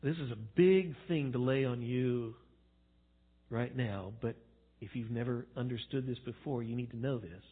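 A male pastor preaching a sermon, swinging from hushed, slow emphasis to loud, playful acting out. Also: medium pitch, husky. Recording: tinny phone-like sound.

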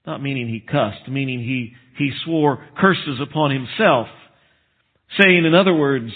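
Guy preaching, animated storyteller, thin phone-like audio. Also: mid-range voice, measured pace, husky. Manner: animated storytelling with asides and chuckles. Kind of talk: sermon. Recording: tinny phone-like sound.

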